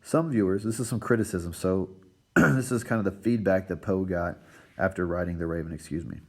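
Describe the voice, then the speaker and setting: A teacher with a low, somewhat husky and darkish voice guides students through a recorded lesson at a fairly quick clip. He lectures steadily, explaining things step by step and tagging his points with a constant "right?" and "all right."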